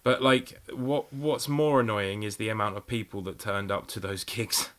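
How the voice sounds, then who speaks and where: A man's voice: fairly low pitch, fairly even intonation, moderate pace, fairly bright tone. A man co-hosting a podcast, reading listener stories with dry wit. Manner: dry, wry, laughing. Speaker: podcast co-host. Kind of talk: casual chat.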